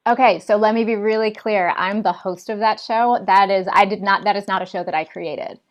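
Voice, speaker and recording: A woman's voice: medium pitch, steady tone, fairly quick, highs cut off. A woman in her forties, a television host and writer, answering interview questions in a fluent, articulate conversational way on a video call. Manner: articulate, fluent storytelling with occasional fillers.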